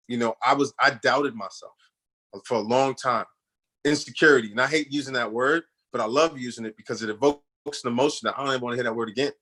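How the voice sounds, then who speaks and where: A man guest on a radio show, telling stories in a loose, slangy way and acting out other people's voices. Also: medium pitch. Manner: animated storyteller, acts out others' voices in quotes; slangy, repeats "you know what I'm saying". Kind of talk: casual storytelling interview.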